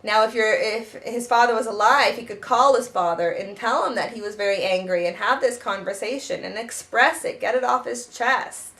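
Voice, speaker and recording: A woman's voice: fairly high pitch, fairly even intonation, moderate pace, few pauses, fairly bright tone. A woman who teaches self-help and writes children's books, giving spoken advice in an earnest way with many restarts.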